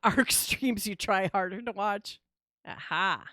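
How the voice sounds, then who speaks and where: A woman's voice: medium pitch, takes it slowly, sharp tone, no room sound, clean studio sound. A woman streaming a game live, chatting casually and expressively with her viewers and reacting with laughs and sighs. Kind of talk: casual live-stream chat while gaming.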